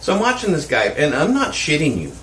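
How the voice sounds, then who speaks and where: Animated, profane male storyteller. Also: a little high, quick pace, reverberant. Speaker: podcast co-host. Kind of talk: casual storytelling chat.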